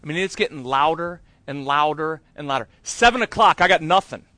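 A man's voice: on the high side, animated, brisk, pushed and bright, no echo. A man preaching a conversational sermon, telling a candid, self-deprecating story with chatty asides. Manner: chatty with many fillers and asides. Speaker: pastor.

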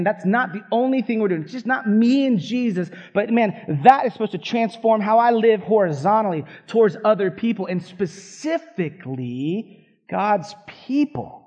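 Pastor guy preaching, talks high, gets all fired up, kinda chatty, slightly muffled audio. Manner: fired-up, conversational preaching with frequent asides. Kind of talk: sermon.

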